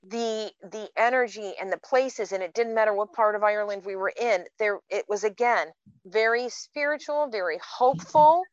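A woman in her fifties chats casually on a podcast, telling stories as a chatty storyteller with lots of "um"s and other fillers. Her voice sits at an ordinary medium pitch and moves at normal speed. The recording sounds muffled and very dry, with no room sound.

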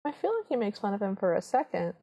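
A woman's voice: mid-range voice, big pitch swings, quick pace, vocal fry, warm tone, husky. A woman co-hosting a podcast, chatting casually as she retells a film scene by scene and acts out the characters' lines. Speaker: podcast co-host.

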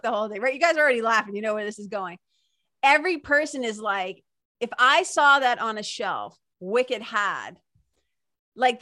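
A woman's voice: fairly high pitch, sharp tone, dry recording, clean studio sound. A woman with a Boston accent hosting a podcast interview, chatty and rambling with frequent laughs. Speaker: podcast host. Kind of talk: casual interview chat.

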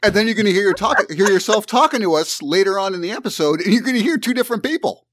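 Animated male co-host, lively pitch. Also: fast talker, no echo, clean studio sound. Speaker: podcast co-host. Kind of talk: casual chat.

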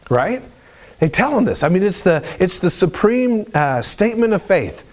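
A man preaching a sermon in an animated, storytelling way, with colloquial asides and frequent restarts. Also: high-pitched, normal speed.

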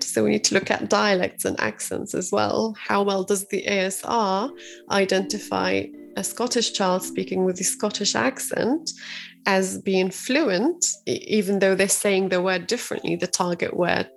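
A woman researcher talks through her work in an earnest, explanatory way, catching and restarting words as her thoughts run ahead. Her voice has a gravelly edge, and faint music plays softly underneath. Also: mid-range voice. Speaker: university researcher. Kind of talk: explaining research in an interview clip.

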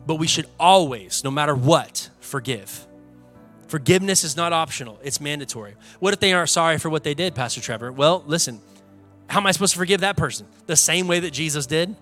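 A man's voice: fairly high pitch, animated, fairly quick, a bit bright, faint music behind. A young adult man, a pastor preaching an earnest, conversational sermon in a church, building to emphatic peaks. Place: church sanctuary.

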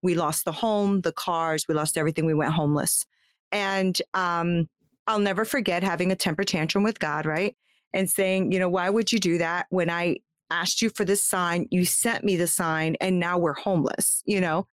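A woman guest from the United States tells her life story with heartfelt, talkative candor, full of fillers and restarts. Her fairly low voice keeps a steady tone at normal speed, captured in studio quality with no echo.

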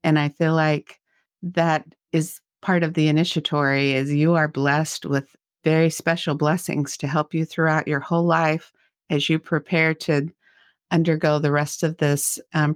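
A woman guest on a religious podcast, speaking in an earnest, measured, thoughtful way. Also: low-pitched, level tone, dry recording, studio quality. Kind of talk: reflective conversation.

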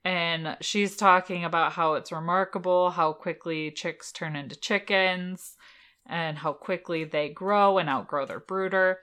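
A woman's voice: on the low side, fairly even intonation, a little slow, a bit bright, clear, resonant tone. A woman co-hosting a casual podcast, giggling often and reading listener messages aloud. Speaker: podcast co-host. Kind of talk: casual chat.

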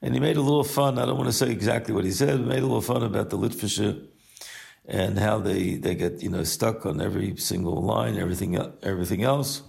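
An older man, a rabbi, recording an unhurried personal message and story, weaving Hebrew and Yiddish terms into his English. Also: on the low side, gravelly, darkish tone. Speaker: rabbi and yeshiva teacher.

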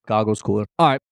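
A man's voice: lowish voice, vocal fry, no echo, studio quality. A man co-hosting a casual college football podcast from home, playful and teasing, bragging about his picks. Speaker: podcast co-host. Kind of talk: casual sports podcast chat. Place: at home, leaking kitchen ceiling.

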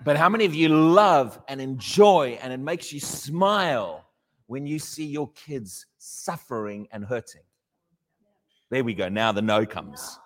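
A man preaching a sermon to a congregation, animated and questioning his listeners, often acting out little dialogues. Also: medium pitch, unhurried, long reverb tail.

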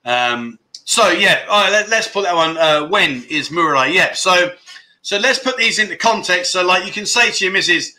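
A man's voice: high voice, moderate pace, sharp tone. A man hosting a casual livestream, reading viewer comments aloud and bantering jokily with chatty fillers. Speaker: livestream host.

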